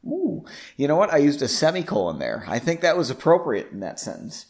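A man's voice: fairly high pitch, huge pitch swings, brisk, darkish tone. A man reading his own story aloud, breaking off for chatty, self-commenting asides.

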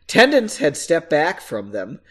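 A man's voice: fairly high pitch, wildly swooping pitch, measured pace, a bit bright, husky. A man reading his own book aloud in a casual way, breaking off for chatty, self-mocking asides and casual swearing.

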